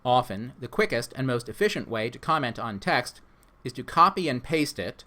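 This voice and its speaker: Man giving a measured course orientation. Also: mid-range voice, lively intonation, pushed and bright. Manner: measured, instructive. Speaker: instructor.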